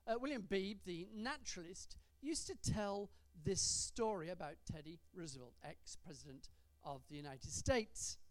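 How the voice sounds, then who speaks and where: A woman preaching a sermon in a church, stretching out key words for emphasis and adding gentle humour. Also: on the low side, expressive, moderate pace, hardly any pauses, no echo.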